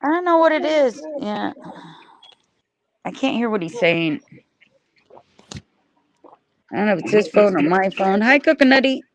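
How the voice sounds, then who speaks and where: A woman's voice: medium pitch, normal speed, noisy background. A woman hosting a livestream, chatting casually and greeting viewers by name. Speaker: livestream host. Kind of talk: casual group voice chat.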